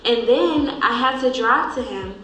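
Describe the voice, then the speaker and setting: A young woman hosting a vlog, telling a painful memory in a halting, grieving way that trails off softly. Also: fairly high pitch, a little hiss or hum. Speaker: vlog host. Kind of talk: emotional storytelling. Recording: echoey room.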